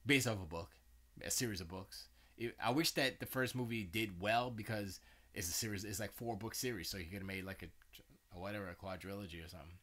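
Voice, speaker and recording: Male streamer, lowish bright voice, loose rambling chat, sounds tired. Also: brisk. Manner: meandering, self-correcting, loose slangy talk with frequent fillers. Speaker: livestream host. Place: home studio.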